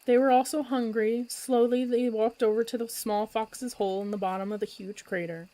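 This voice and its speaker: A woman storyteller reading a children's book aloud at bedtime with expressive, lively narration. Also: fairly high pitch, normal speed, dry recording, rough recording.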